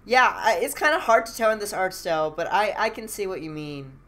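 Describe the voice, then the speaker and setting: A woman streamer giving relaxed, chatty commentary over a game and laughing easily. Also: medium pitch, fairly quick. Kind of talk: casual live-stream commentary.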